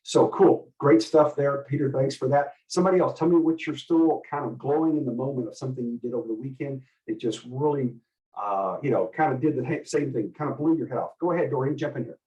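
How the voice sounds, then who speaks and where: Animated male coach, far from the mic. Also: mid-range voice, fast, dull audio. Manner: animated, asks the group many questions. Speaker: host and communication coach. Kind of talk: teaching a group session.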